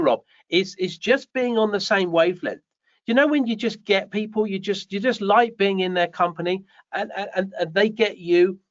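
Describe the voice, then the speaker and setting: A man co-hosting a live show, reading out viewer comments and joking with them in a teasing, animated way. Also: fairly high pitch. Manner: jokey, teasing, animated storytelling. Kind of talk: casual live show chat. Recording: dull, dry lo-fi stream audio.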